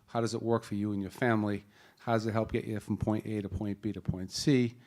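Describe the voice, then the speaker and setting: A man's voice: lowish voice, brisk. Joking Boston-accented man moderating a panel. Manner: jokey, lively, rambling with many restarts. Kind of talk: introducing a panel at a live event. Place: conference hall panel.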